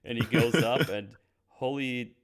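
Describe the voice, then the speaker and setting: A man hosting a casual film review chat, laughing often and acting out characters in quick voices. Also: medium pitch. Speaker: podcast host.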